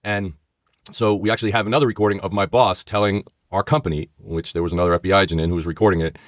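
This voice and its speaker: A middle-aged man with a low, deep voice tells a story in conversation, slipping into voices for the people in it. The studio sound is dry and close. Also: fairly even intonation, rapid-fire, no echo. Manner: vivid storyteller who acts out voices. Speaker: podcast co-host, former FBI agent. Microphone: studio microphone.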